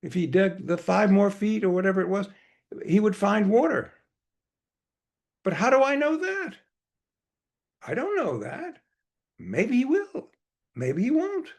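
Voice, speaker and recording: A man voicing an anxious spiritual master who frets aloud and repeats himself, in a gravelly voice. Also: high-pitched, unhurried, pitched above the performer's own voice, full character voice. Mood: fretful. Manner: agitated, worried, repeating himself.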